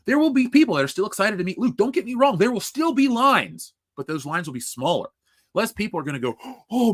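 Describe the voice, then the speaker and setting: A man's voice: on the high side, fairly bright tone, no echo, studio quality. A man hosting a casual livestream, reading chat and ranting bluntly with profanity. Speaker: livestream host.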